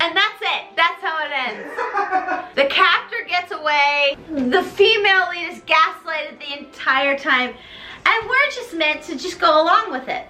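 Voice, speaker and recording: Tipsy young woman vlogger, bright and high, very lively pitch, chatty and giggly. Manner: chatty, giggly, acts out characters in put-on voices. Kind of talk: tipsy comedic plot recap.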